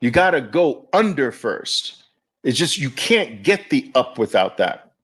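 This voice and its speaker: Animated, slow-talking male market host. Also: medium pitch, slightly rough. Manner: animated, exclamatory, incredulous. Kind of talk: market commentary.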